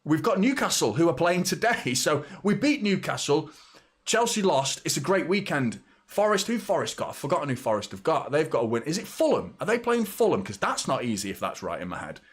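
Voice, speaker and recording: A man's voice: a little high, very animated, fairly quick, breathy edge. A man in his thirties hosting a football watchalong live stream, talking casually and rambling as he reads out viewers' messages. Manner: chatty, rambling, reads out super chats.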